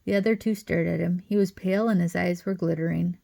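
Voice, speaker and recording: A woman reading a children's novel aloud as an audiobook narrator, with steady, expressive reading. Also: on the low side, quick pace, creaky. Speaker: audiobook reader. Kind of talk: storybook narration.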